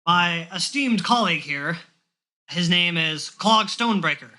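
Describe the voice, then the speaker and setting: A man's voice: high-pitched, lively intonation, unhurried, bright, forceful tone, heavily acted. A man voicing an exasperated, pompous older man who lectures in a fussy, sighing way.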